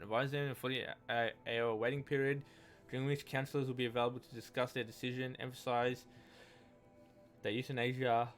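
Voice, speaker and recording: A man's voice: medium pitch, a bit bright. A man giving casual gameplay commentary, reading in-game texts aloud in a rambling, hesitant way with many restarts. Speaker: let's play gamer.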